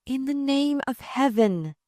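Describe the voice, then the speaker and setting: A woman's voice: high-pitched, expressive, unhurried, darkish tone, no room sound, clean studio sound, pitched above the performer's own voice. A woman reading aloud voices a pious, spirited young noblewoman who pleads with fervent conviction. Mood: pleading.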